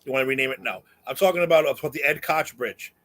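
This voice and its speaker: A man's voice: medium pitch, fast, a bit bright, a little hiss or hum. A middle-aged man from New York, co-hosting a live talk show and giving blunt, opinionated rants. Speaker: co-host. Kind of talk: casual live show chat.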